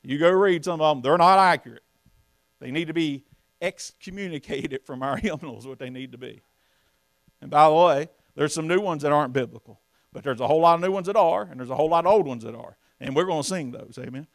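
A man's voice: on the high side, quick pace, creaky, dry recording. A man preaching from the pulpit, folksy and emphatic, often asking the congregation questions. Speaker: pastor. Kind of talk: sermon.

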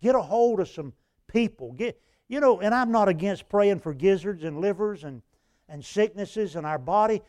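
A man's voice: sits high, lively intonation, moderate pace, darkish tone, dry recording. An older man, preaching a revival sermon and telling a folksy story that swells into impassioned recounted prayers.

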